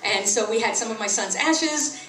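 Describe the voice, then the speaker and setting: A middle-aged woman performing stand-up comedy at an open mic, telling stories and acting out what people said. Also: moderate pace. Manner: animated, acts out quoted voices with big pitch jumps. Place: small tea house open mic. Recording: roomy sound, from far off the mic.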